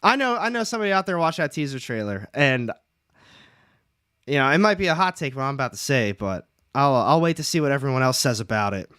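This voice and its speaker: A man's voice: medium pitch, big pitch swings, a little fast, a bit bright, smooth, no room sound, studio quality. A young man hosting a casual comics livestream, chatting, reading out the chat and joking at his own expense. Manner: chatty, reads chat aloud, jokes at himself.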